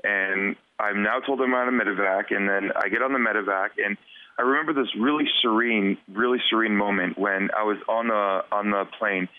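A man from western Canada, speaking as a podcast guest about something he lived through. His delivery is earnest and halting, with words doubled as he gathers his thoughts. The sound is tinny and phone-like, with a dry, close quality. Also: lowish voice, fairly even intonation, no room sound. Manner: earnest, halting storyteller who repeats words. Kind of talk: personal story in a podcast interview.

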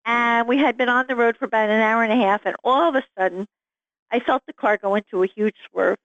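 A middle-aged woman, an author guest, telling her story in an animated, vivid way. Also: on the high side, fairly quick, dry recording. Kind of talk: storytelling interview. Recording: dull lo-fi sound, dry.

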